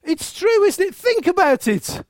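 A preacher in full sermon, emphatic and playful, peppering the talk with rhetorical questions. The delivery is unhurried and deliberate. The voice sits close and dry, with no room around it. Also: very high-pitched, big pitch swings, no echo.

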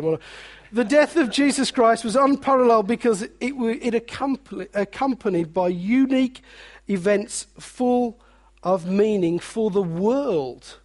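A man preaching a sermon, animated, with joking asides and quiet, weighty drops. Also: high-pitched.

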